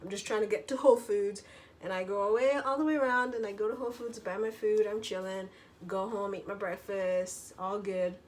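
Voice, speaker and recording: A woman's voice: mid-range voice, fairly even intonation, fairly quick. A woman vlogger in a casual storytelling monologue, chatty, full of filler words and casual swearing.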